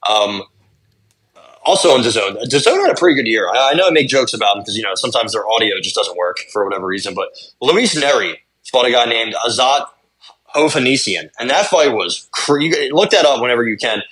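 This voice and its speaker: A young adult man co-hosting a podcast, recapping fights in casual chat, talking fast and swearing. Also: medium pitch, animated, fairly bright tone. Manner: rapid, swearing fight recaps with lots of fillers. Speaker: podcast co-host.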